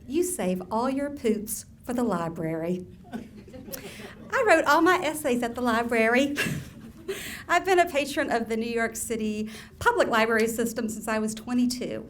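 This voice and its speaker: Lady reading her funny essays to a crowd, kinda high voice, dry wry delivery, faint hum in the room. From Alabama, US Southern. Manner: wry deadpan delivery with laughing asides. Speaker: author. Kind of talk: reading from her own book at a live event. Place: event room with audience.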